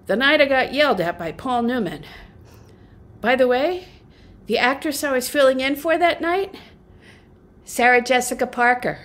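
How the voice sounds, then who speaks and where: This guest, a middle-aged folk singer, tells a comic story at a normal speed, leaving long pauses. Her voice is high-pitched, and she keeps laughing as she cheerfully mocks herself.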